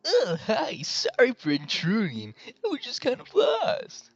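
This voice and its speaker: A man doing a bashful young guy from a visual novel, pitched up into a high, stretched-out squeak. The tone is husky and dry, coming through a dull, lo-fi mic. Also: wildly swooping pitch, measured pace, no echo, full character voice. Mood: flustered.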